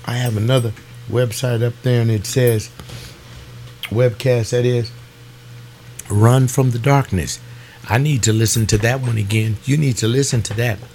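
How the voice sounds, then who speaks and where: A man preaching a fervent webcast sermon, pleading with his listeners and rising in pitch on his emotional appeals. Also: steady tone, moderate pace, pauses often, a little mellow, a little hiss or hum.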